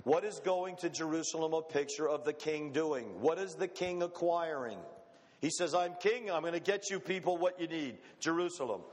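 A man's voice: a little high, normal speed, a little mellow. A middle-aged man preaching a sermon as pastor, folksy and conversational, full of rhetorical questions. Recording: long hall reverb.

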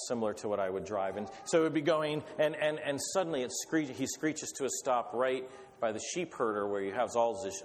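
A man opening with a prayer and telling stories in an earnest, rambling way, stopping and starting often. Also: medium pitch. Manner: earnest, rambling, with hesitant restarts. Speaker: guest speaker. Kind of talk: sermon with prayer and anecdotes. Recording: echoey hall, faint background noise.

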